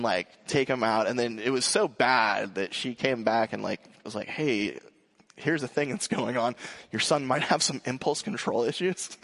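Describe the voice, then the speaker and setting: A male pastor in his thirties giving a sermon, joking and telling a lively family story. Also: mid-range voice, creaky.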